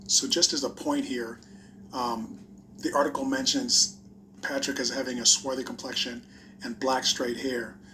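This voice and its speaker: Guy talking through old newspaper clippings, pretty flat voice, bit of hiss behind. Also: mid-range voice, measured pace. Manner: plain explanatory delivery with fillers. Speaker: video host. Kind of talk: narrated history video reading old newspapers.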